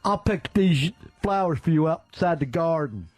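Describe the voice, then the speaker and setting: Man doing a high, swooping southern redneck, crude and goofy, for a comedy radio bit. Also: expressive, normal speed, darkish tone, soft background music. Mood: lovesick. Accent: put-on American Southern. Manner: crude, goofy, sing-song wooing. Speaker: radio show host.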